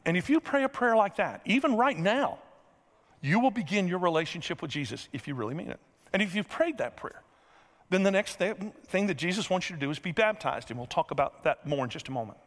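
A middle-aged man preaching a sermon, telling a folksy story and acting out the scenes with lively energy. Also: high voice. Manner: folksy, animated storyteller who acts out scenes. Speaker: pastor. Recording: reverberant large hall.

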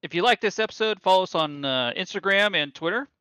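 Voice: medium pitch, expressive, quick pace, sharp tone, smooth, dry recording. A podcast co-host chatting casually in a wry, self-deprecating way. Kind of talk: casual chat.

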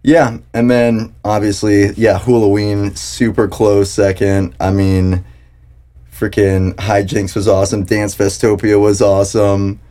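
A young man from South Carolina hosting a podcast in relaxed casual chat, rambling and saying "dude" and "like" a lot. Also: fairly low pitch, measured pace. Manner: laid-back, rambling, heavy on "dude" and "like". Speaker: podcast host.

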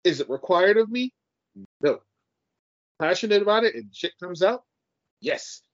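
A man co-hosts a podcast in a loose, emphatic way, with plenty of passion and casual swearing. His voice sits fairly high for a man. The audio is dull and dry, with no room sound. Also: lively intonation, a little slow, no room sound. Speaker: podcast co-host.

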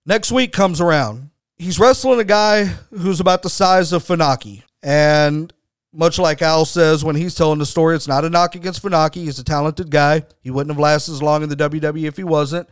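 A man's voice: fairly high pitch, normal speed, smooth, no echo. A man hosting a podcast, telling a wrestling story in a blunt, emphatic way and swearing freely. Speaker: podcast host. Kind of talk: storytelling commentary.

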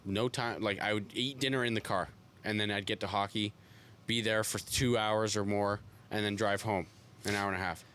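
A young Canadian man co-hosting a casual podcast, rambling through childhood stories with casual swearing and flat denials. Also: on the low side, normal speed. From Toronto area, Canada. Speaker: podcast co-host.

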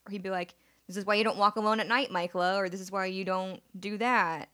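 A woman's voice: medium pitch, fairly even intonation, quick pace, fairly bright tone. Young woman co-host, rambling casual storyteller, mid-range voice. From Seattle area. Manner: rambling storyteller, lots of likes, laughs through stories. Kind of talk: casual chat.

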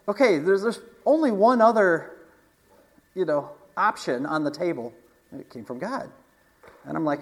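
A man's voice: a little high, moderate pace, poor audio. Chatty, storytelling male preacher. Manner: chatty, laughs often, frequent restarts and asides. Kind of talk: casual storytelling sermon.

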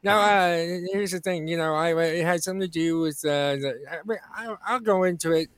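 A man co-hosting a casual comedy podcast, rambling with halting restarts and playful jokes. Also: on the high side, a crowd in the background. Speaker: podcast co-host.

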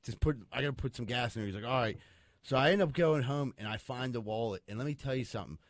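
A man's voice: mid-range voice, fast talker, no echo. A man telling anecdotes in casual podcast chat, acting out the lines of the people in them. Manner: storytelling, acts out quoted dialogue.

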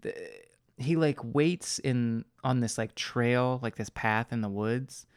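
A man's voice: mid-range voice, takes it slowly, smooth, no echo, studio quality. A man co-hosting a podcast as a film reviewer, talking in a rambling casual way with lots of fillers and easy swearing. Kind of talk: casual chat.

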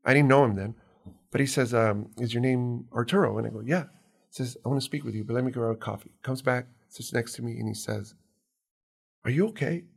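Soft-spoken man with a gravelly voice. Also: mid-range voice, fairly even intonation, brisk. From immigrant to New York. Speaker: guest. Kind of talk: conversational storytelling.

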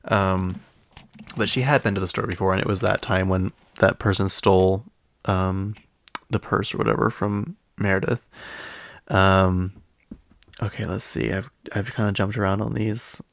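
Guy rambling thru reality tv gossip, low voice with lots of vocal fry. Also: fairly even intonation, moderate pace, no room sound. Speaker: pop culture recap host. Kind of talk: casual chat.

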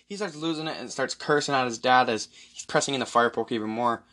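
A man hosting a solo podcast, rambling excitedly and profanely through a movie recap. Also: medium pitch, fast talker, hardly any pauses. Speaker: podcast host.

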